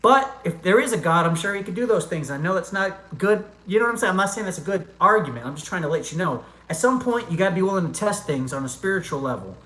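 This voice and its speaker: A man's voice: expressive, fast talker, hardly any pauses, fairly bright tone, echoey room, rough recording. A man hosting a live chat stream, talking earnestly and directly to viewers and calling them brother and man. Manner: earnest, talks straight to chatters, calls them brother and man; reads chat comments aloud in a low mumble. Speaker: livestream host answering chat.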